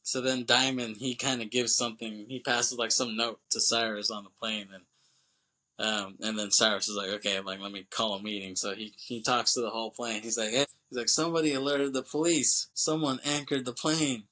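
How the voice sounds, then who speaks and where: A man's voice: on the low side, level tone, brisk, sharp tone, rough recording. A man co-hosting a movie podcast, casually retelling a film's plot with lots of profanity and acted-out lines. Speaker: podcast co-host.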